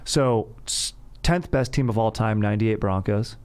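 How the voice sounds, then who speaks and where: A man with a fairly low voice talks through a casual sports podcast. He rambles, jokes about himself and laughs often. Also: moderate pace. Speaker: podcast host.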